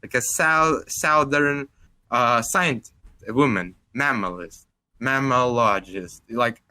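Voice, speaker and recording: Co-hosting a laid-back podcast, this twenty-something man with a Russian accent wanders through his thoughts, leaning heavily on "like" and cursing casually. He speaks slowly in a bright, forceful, mid-range voice.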